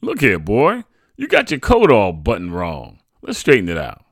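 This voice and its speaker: A man's voice: on the low side, wildly swooping pitch, normal speed, no echo, studio quality, pitched above the performer's own voice, exaggerated voice. A man voicing an affectionate, proud father in a spoken story. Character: warm, proud working-class father.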